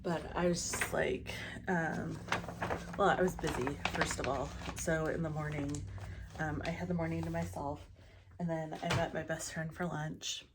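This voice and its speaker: A woman's voice: low-pitched, fairly even intonation, normal speed, heavy background noise. A woman chatting casually about her stitching projects, rambling with many ums and often dropping into a whisper, in her morning voice. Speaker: cross-stitch vlogger. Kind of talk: casual show-and-tell chat.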